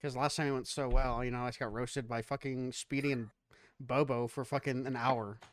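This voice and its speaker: A man's voice: mid-range voice, steady tone, brisk, dry recording, clean studio sound. A man hosting a podcast, bantering casually with jokes and a lot of swearing. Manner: joking, profane banter. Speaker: podcast host.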